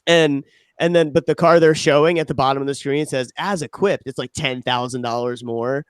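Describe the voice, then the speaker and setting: A man's voice: medium pitch, moderate pace, clear, resonant tone, dry recording, studio quality. A man co-hosting a podcast, chatting casually, swearing freely and laughing as he retells funny videos. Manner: profane, laughing, animated retelling with quoted voices. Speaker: podcast co-host.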